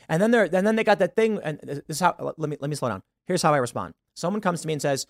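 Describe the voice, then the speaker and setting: A man's voice: a little high, lively intonation, rapid-fire, hardly any pauses, dry recording, studio quality. A man hosting a show, giving opinionated solo commentary in an emphatic voice and asking rhetorical questions. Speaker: show host.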